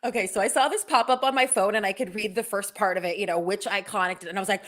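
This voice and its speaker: A woman's voice: medium pitch, quick pace, few pauses, a bit bright. A woman co-hosting a wrestling news podcast, chatting casually and laughing often. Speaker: podcast co-host.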